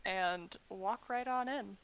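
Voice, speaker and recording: A woman's voice: medium pitch, slow pace, a bit bright, no echo. A woman playing a tabletop game, chatty and describing her character's actions. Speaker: player. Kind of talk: casual tabletop role-play.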